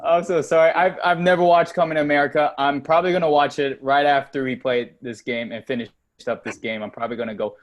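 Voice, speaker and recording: A young man in casual chat during a movie game, excitable and apologetic, laughing often. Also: medium pitch, fast, few pauses, muffled recording. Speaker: film crew member.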